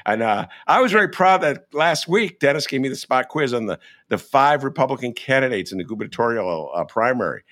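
A man hosting a casual interview, swinging between quiet mutters and excited outbursts. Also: mid-range voice, fairly quick, few pauses. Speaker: host.

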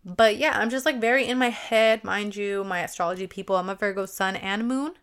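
A woman's voice: medium pitch, brisk, fairly bright tone, clean tone. A young woman hosting a solo podcast, chatting casually and swearing often, with many "like"s. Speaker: podcast host.

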